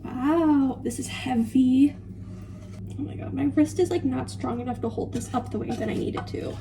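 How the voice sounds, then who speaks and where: Young woman, home baking vlog, high mellow voice, chatty and self-mocking, light hiss behind. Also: normal speed. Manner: rambling, self-deprecating, laughs often. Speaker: vlogger. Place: home kitchen.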